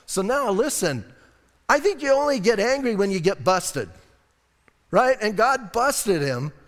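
Animated male pastor preaching in a hall. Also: fairly high pitch. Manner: animated, acts out voices in quotes; casual, conversational preaching. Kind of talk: sermon. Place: church hall.

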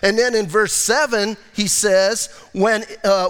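A man's voice: high-pitched, slow, few pauses, fairly bright tone, smooth. An older man, a pastor, preaching a sermon in a conversational way with rhetorical asides. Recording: long hall reverb.

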